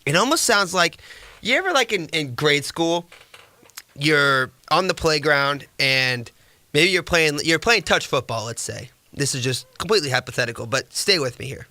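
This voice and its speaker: Sarcastic male podcast host, bright, tense tone, dry close sound. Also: a little high, lively intonation, moderate pace, no echo. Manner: sarcastic, mocking, rambling. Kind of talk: casual sports commentary.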